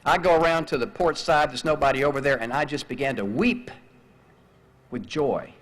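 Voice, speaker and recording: An older man giving a graduation speech, telling a personal story in an animated way and acting out radio calls. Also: medium pitch, moderate pace. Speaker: commencement speaker.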